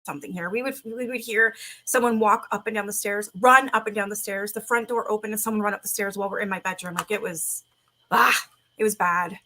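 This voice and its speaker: A woman's voice: medium pitch, steady tone, a little fast, sharp tone. A young woman telling ghost stories to her live chat in a rambling, casual way, full of fillers and restarts. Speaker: livestream host.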